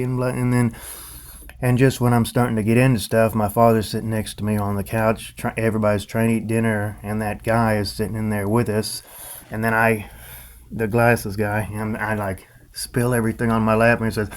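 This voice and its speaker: Guy vlogging about a weird dream, kinda low voice, rambles with lots of "you know"s. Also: little pitch movement, a little fast. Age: adult. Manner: rambling, full of fillers and restarts. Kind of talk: rambling casual monologue.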